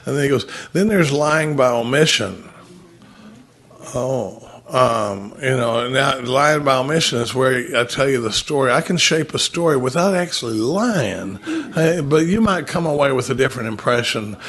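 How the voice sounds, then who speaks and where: A man's voice: medium pitch, lively intonation, moderate pace, a bit bright. A middle-aged man speaking at a recovery meeting, telling stories with quoted dialogue and laughing often.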